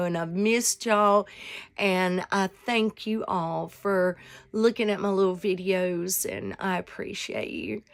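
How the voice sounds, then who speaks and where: A woman in her sixties hosting a casual devotional vlog, talking in a rambling, heartfelt way. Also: on the low side. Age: 60s. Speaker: vlog host.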